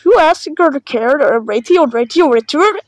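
A woman with a high, bright-sounding voice reacts to videos in a loose, chatty way, swinging between sarcasm and exaggerated fake panic. Her voice is recorded close and dry, with no room sound. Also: lively intonation, quick pace, dry recording, poor audio. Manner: mock-panicked, sarcastic, repeats "oh no, guys". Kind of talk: casual reaction commentary.

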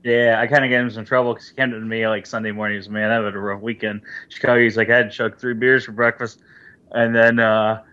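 A man's voice: on the low side, flat delivery, fast talker, sharp tone, lo-fi sound. A man co-hosting a casual podcast, telling a laid-back story with fillers. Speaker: podcast co-host. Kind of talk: casual chat.

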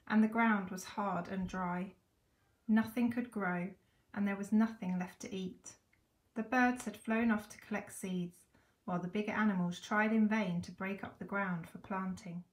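A woman teacher reads a picture book aloud with clear, expressive storytelling. Her voice sits at an everyday pitch and rings in an echoey room.

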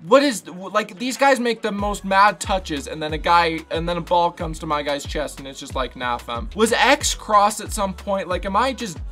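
A man's voice: high-pitched, lively intonation, moderate pace, hardly any pauses, pushed and bright, soft background music. A young man giving frustrated live commentary while playing a football video game, ranting and swearing at the game. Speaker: gaming YouTuber.

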